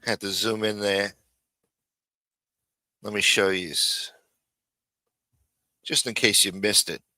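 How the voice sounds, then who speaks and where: Forceful, mocking male stream host. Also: lowish voice, steady tone, slow, no room sound. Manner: profane, mocking and sarcastic. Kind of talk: live stream reaction commentary. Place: home studio.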